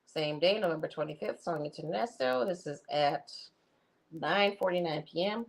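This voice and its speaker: A woman's voice: lowish voice, normal speed, vocal fry. A woman doing a comic dramatic reading, dropping wry, chatty asides in a casual way. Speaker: comic reader.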